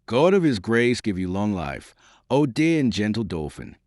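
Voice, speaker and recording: Man reading a soft earnest young maid, pious and sure, low voice lots of lilt. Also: big pitch swings, moderate pace, dry recording, clean studio sound. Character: devout, steadfast young peasant maiden.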